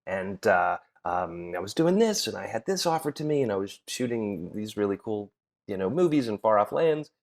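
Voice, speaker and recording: A man's voice: fairly low pitch, big pitch swings, moderate pace. Middle-aged man telling showbiz stories. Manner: storytelling, laughs often, many fillers and restarts. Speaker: podcast guest, actor. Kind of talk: casual chat.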